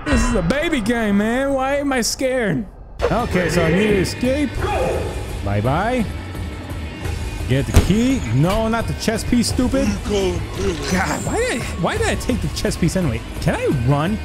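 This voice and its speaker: A man's voice: sits high, sing-song, unhurried. A young man commentating a horror game he is playing, jumpy and teasing the baby character with mock insults. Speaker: gaming YouTuber. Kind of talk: let's play commentary. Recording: game music playing behind. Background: game music.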